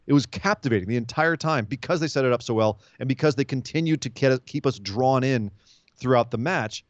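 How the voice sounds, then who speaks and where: A man hosting a wrestling podcast, giving an animated, casual recap and acting out quotes as he tells it. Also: medium pitch, brisk, dry recording, muffled recording.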